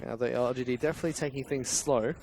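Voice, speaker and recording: A man giving rapid, excitable play-by-play commentary on an esports match. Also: mid-range voice, a little hiss or hum. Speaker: esports caster.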